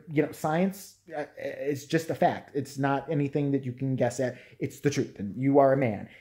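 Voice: mid-range voice, a little mellow. A vlogger ranting in a profane, mocking commentary and often laughing.

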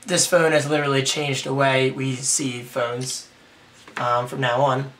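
A young man with a hoarse, raspy voice, excitedly rambling through a casual unboxing vlog. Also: medium pitch, unhurried, recorded from a distance, slight background noise. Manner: excited, rambling, self-deprecating. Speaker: tech vlogger.

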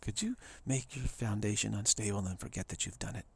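A man, a spiritual teacher, giving a reflective talk in a musing, soft way, sometimes dropping into a whisper. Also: lowish voice, fast talker, vocal fry, breathy edge.

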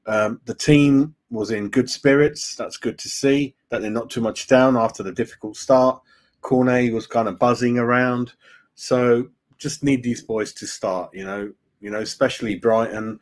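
A man's voice: mid-range voice, fairly even intonation, moderate pace. A man hosting a casual fan live stream, chatting loosely, greeting viewers by name and saying "mate" a lot. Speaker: fan channel host.

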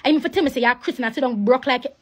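A young woman with a Jamaican accent, livestreaming a rambling, preachy sales pitch for her network marketing business. She repeats herself and slips into patois. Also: rapid-fire. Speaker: live streamer promoting a network marketing business. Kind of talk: casual live-stream sales pitch.

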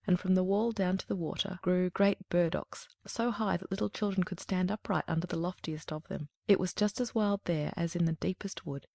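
A woman narrating a classic fairy tale in a calm, measured storybook reading. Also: lowish voice, vocal fry, no echo, clean studio sound.

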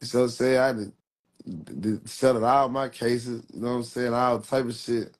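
A man's voice: medium pitch, steady tone, normal speed. Young man rambling in street slang. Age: 20s. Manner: rambling street slang, repeats "real talk". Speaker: rapper. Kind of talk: casual livestream talk.

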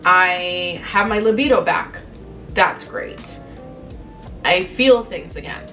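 A woman in her twenties talking to camera in a casual, candid way, storytelling and acting out quoted lines with lively energy. She sits a bit back from the microphone. Soft music plays faintly underneath. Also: fairly low pitch, slow pace, recorded from a distance. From Canada. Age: 20s. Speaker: vlogger.

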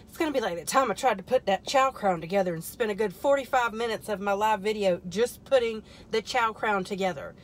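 A woman's voice: mid-range voice, fairly quick. Rambling woman chatting on a live stream. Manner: rambling, joking asides to viewers; mutters and whispers while fiddling with a product. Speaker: host of a product testing live stream. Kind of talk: casual live-stream chat. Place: parked car in a store parking lot.

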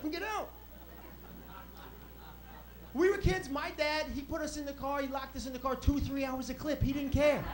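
On a comedy club stage, a lively, high-voiced male comedian performs a stand-up set, swinging between loud and soft. The noisy live recording carries audience laughter in the background.

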